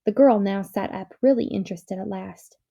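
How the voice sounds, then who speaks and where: A woman reading a children's novel aloud in a gentle, measured storytelling manner. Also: mid-range voice, creaky. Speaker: reader.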